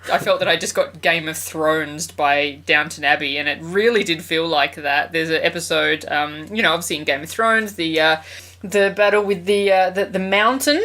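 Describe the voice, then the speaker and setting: A woman's voice: deep voice, moderate pace, fairly bright tone. A woman co-hosting a casual podcast chat, chatty, laughing often and swearing freely. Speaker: podcast co-host.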